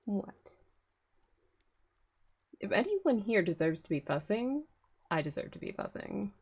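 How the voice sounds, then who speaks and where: A woman's voice: medium pitch, very animated, a little slow, darkish tone, husky. A woman streaming live, chatting casually, swearing freely and scolding her cat.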